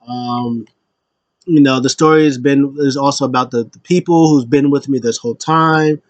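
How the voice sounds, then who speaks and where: A man's voice: mid-range voice, fairly even intonation, normal speed, dry recording, dull audio. A man casually recapping wrestling shows, retelling scenes with lots of fillers, laughs and acted-out quotes.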